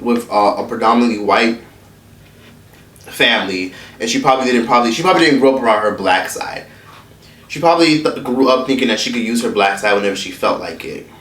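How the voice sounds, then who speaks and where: A man's voice: on the low side, a bit bright, far from the mic. A man delivers a heated, profanity-laced commentary rant. His tone is blunt and unfiltered. He sits back from the mic, so his voice carries the echo of the room around him. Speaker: online commentator. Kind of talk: ranting commentary vlog. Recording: echoey room, away from the mic.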